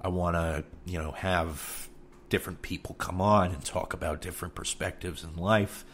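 Low-voiced man with a New York accent. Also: fairly even intonation, normal speed, fairly bright tone, a little hiss or hum. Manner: frank and rambling, with frequent cursing. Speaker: podcast host. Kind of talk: candid casual monologue.

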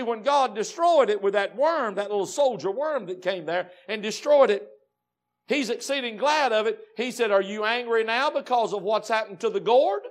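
A man with a Southern American accent preaching a dramatic Baptist sermon, dropping to low murmurs and rising to shouts. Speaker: pastor.

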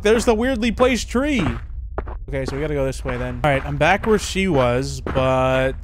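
Male gamer, fairly high voice, chatty horror playthrough, audible background noise. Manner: excitable, chatty, reacts out loud. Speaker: gaming YouTuber. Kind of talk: casual horror game commentary.

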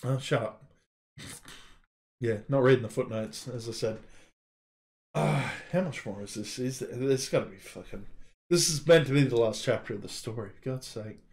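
A man's voice: mid-range voice, normal speed, long pauses, a little mellow. A young man streaming a game, exasperated, sweary and sarcastic, on a desk mic.

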